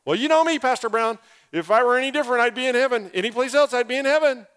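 A man imitating a loud, obnoxious acquaintance in a booming, brash voice. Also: lively intonation, quick pace, smooth. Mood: boisterous.

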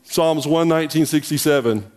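A middle-aged man, a pastor, preaching a sermon and telling a hunting story in a folksy, animated way that rises in pitch and volume when he gets excited. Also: normal speed. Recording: reverberant hall.

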